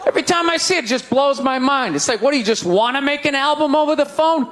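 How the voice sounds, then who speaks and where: High-pitched guy doing stand-up, loud disbelieving rant, faint crowd noise. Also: expressive, quick pace. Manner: loud, incredulous ranting. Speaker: stand-up comedian. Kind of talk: stand-up comedy.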